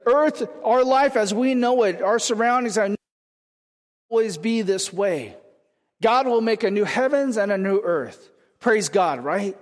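High-voiced male pastor in a reverberant hall. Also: expressive, unhurried. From California. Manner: conversational preaching, frequent "right?" to the congregation. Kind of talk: sermon.

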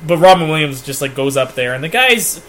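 A man co-hosting a comedy podcast, talking loosely and swearing freely. His voice is high and bright, and his sentences often trail off. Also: lively intonation, fairly quick. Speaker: podcast co-host. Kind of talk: casual chat.

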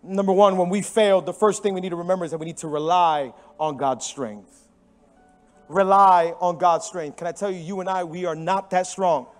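A man preaching a sermon as a pastor into a microphone in a church, animated and emphatic, swinging between loud stresses and hushed, soft passages. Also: high-pitched, a little fast, soft background music. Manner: animated storytelling with sudden drops to hushed tones.

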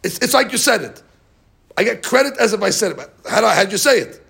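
A man teaching a lively religious text class, asking his students questions and reading passages out quickly. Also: high-pitched, vocal fry, breathy edge. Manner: animated, questioning the class, reads Hebrew text fast. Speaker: rabbi teaching a Talmud class. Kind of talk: Talmudic lesson, mixing English and Hebrew.

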